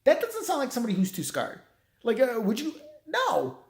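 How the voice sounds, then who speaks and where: A man's voice: very high voice, big pitch swings, quick pace, a little mellow. A man giving a casual, rambling movie review, swearing freely and acting out characters' lines. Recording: echoey room.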